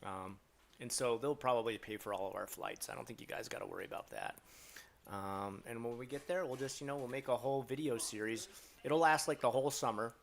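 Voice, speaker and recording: A man's voice: medium pitch, brisk, gravelly, slight background noise. Guy rambling on his live stream, joking around, lots of ums, talks to chat. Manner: rambling, joking, many fillers, reads chat aloud.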